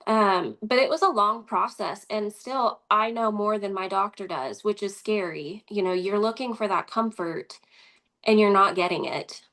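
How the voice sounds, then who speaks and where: A woman appearing as an interview guest recounts a personal story in a lively, conversational manner, acting out the dialogue she quotes. Her voice is mid-range and her pace moderate.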